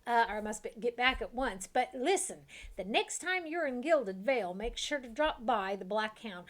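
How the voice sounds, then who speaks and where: A woman's voice: on the high side, sing-song, moderate pace. A woman voicing a grateful young male dwarf cook in a game, reading his lines with a slight Southern drawl. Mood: relieved.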